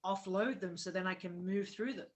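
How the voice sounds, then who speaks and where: A woman's voice: medium pitch, moderate pace. A woman in casual conversation who listens encouragingly and then shares her own view. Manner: agreeable, encouraging, laughs often. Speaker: co-host. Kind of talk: casual chat.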